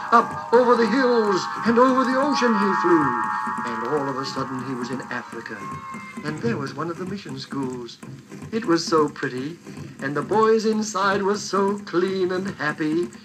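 A man's voice: on the high side, low-quality recording. A man telling a children's story with dramatic, varied pacing.

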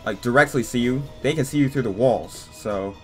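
A young man doing casual let's-play commentary, excitable and jumpy, talking to his viewers as he plays. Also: medium pitch, moderate pace, faint music behind. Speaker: gaming YouTuber.

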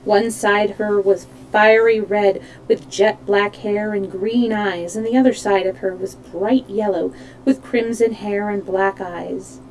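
A woman reads a storybook aloud on a live stream, steady and unhurried. She fixes the odd slip as she goes. Her voice is soft and mellow, with a faint hiss underneath. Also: medium pitch, poor audio. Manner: steady reading with small slips and self-corrections. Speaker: storytime host. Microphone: streaming mic.

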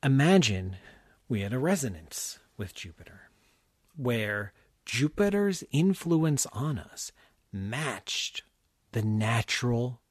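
A man hosting a science podcast, explaining ideas in a lively, conversational way with everyday analogies and acted-out asides. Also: mid-range voice, no echo, studio quality. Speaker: podcast host, astrophysicist.

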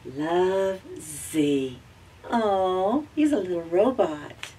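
A woman with a Southern American accent reading a children's picture book aloud, gently and slowly, lifting her voice for the characters. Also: fairly low pitch, far from the mic, slight background noise. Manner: gentle, slow storytelling with raised voices for characters.

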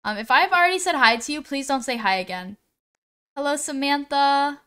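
A woman live-streaming a game, reading names from the chat and greeting viewers one by one, often pausing on how to say them. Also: sits high, expressive, pushed and bright. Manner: slow, unhurried delivery with frequent "um"s.

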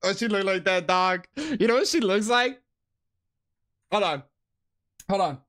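A man's voice: high-pitched, lively intonation, unhurried, a bit bright. A man streaming a game live, giving casual, profane, slangy commentary and laughing often.

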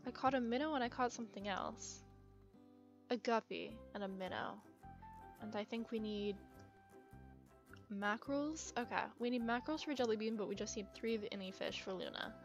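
A young woman gives casual, upbeat commentary as she plays, chatting and thinking aloud in a fairly high voice. The recording is a little muffled, and the game's music plays softly beneath her. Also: moderate pace, pauses often. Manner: chatty, upbeat, self-talking. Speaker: gaming video creator.

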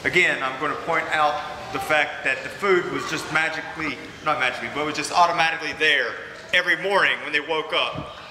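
A man's voice: on the high side, brisk, bright, forceful tone. A man preaching a sermon as pastor, earnest and emphatic, with repetitions, in a large church sanctuary. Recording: echoey church hall with background noise.

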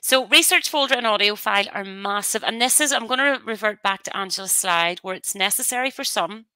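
A woman giving a webinar software demonstration as a trainer, talking on a headset mic in a chatty, explanatory way with practical asides. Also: medium pitch, fairly quick, clean tone, no echo.

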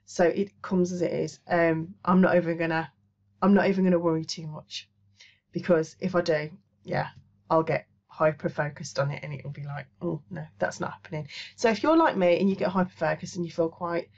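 A woman's voice: on the low side, normal speed, a little mellow, lo-fi sound. A woman with a Black Country accent chats casually to camera about her crafts, rambling with many ums. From Black Country, England. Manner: rambling, chatty, lots of ums. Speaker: crochet and craft channel host. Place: small home studio office.

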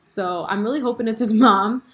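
A young woman talking to her vlog camera in a loose, chatty way. She rambles, fills every pause with "like" and "um", and breaks into laughs. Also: on the high side. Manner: chatty, animated, lots of fillers and laughs. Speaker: vlogger. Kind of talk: casual chat about a TV show.

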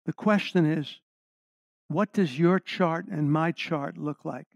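A man's voice: on the high side, slow pace, vocal fry, no echo, lo-fi sound. An older man, a guest preacher, giving an earnest sermon and putting questions to the congregation.

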